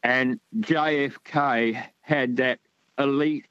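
A man's voice: mid-range voice, steady tone, slow, a bit bright, smooth, dry recording, lo-fi sound. A man from Australia calling in to a radio show, talking in a rambling, hesitant way with many fillers. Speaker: caller. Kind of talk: radio call-in chat.

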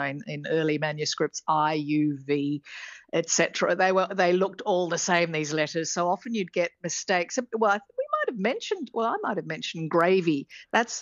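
A woman's voice: low-pitched, dry recording, dull audio. A woman professor, explaining things on radio in a thoughtful, chatty way with plenty of ums and restarts. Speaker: linguistics professor, guest.

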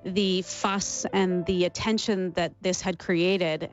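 A woman from Canada in her forties, a former figure skater giving an interview and telling her story in an animated, emotional way. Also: lowish voice, slow, muffled recording, soft background music. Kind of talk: interview recollection.

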